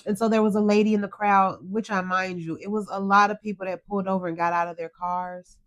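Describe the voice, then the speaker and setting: Speaking at medium pitch with a flat delivery, this middle-aged podcast co-host talks fairly quickly with few pauses. She tells the emotional story of a crash earnestly, close to tears, quoting herself along the way.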